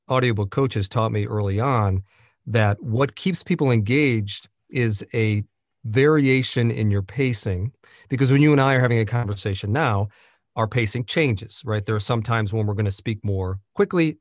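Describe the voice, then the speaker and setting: A man's voice: lowish voice, no room sound. A man who narrates audiobooks, talking through his craft in a conversational interview, thoughtful and full of restarts and fillers.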